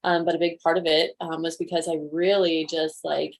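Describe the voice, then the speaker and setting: Woman, upbeat webinar presenter, fairly low voice, many fillers, video call audio. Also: level tone, moderate pace, creaky. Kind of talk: casual webinar talk.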